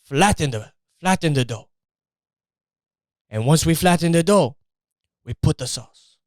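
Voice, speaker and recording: In a fake Italian accent, a man plays a boastful Italian who insists his family invented famous dishes, grandly brushing off any doubt. His voice is on the high side, animated and a bit slow, recorded cleanly in a studio with no room sound.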